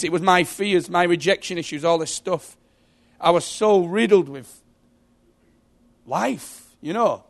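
A middle-aged man giving an emotional sermon testimony, telling stories and swinging from hushed to loud. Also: high voice, gravelly. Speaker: preacher.

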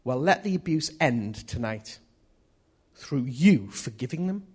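A man's voice: mid-range voice, lively intonation, a little slow, darkish tone, slightly rough. A man preaching a sermon in an earnest manner, often repeating key phrases.

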